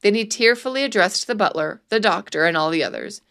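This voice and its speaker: A woman reads a storybook aloud with measured, expressive narration that stays steady and clear. Her pitch is an ordinary middle range.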